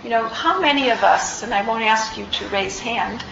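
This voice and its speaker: A woman meditation teacher giving an unhurried, reflective dharma talk, gently searching for her words. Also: on the high side, gravelly, roomy sound, highs cut off, background noise. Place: meditation hall.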